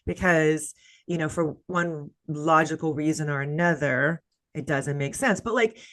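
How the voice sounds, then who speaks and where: A chatty woman in her thirties, raised in the American South, hosts a relaxed conversation. Her voice sits low for a woman, and she spins stories loosely, with lots of "like" and "you know" fillers. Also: measured pace. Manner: chatty storyteller, many "like" fillers. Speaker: podcast host. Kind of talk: casual conversational interview.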